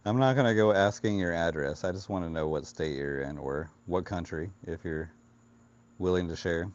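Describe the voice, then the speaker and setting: A man's voice: low voice, normal speed, a little mellow, highs cut off, a little hiss or hum. A man with a Southern California accent, live-streaming his trading while a few beers in, loose and joking as he chats with viewers. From Florida, US. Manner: loose, joking, chatty with viewers, laughs often. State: a few beers in, slightly tipsy. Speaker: live-stream futures trader. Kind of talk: casual live-stream chat.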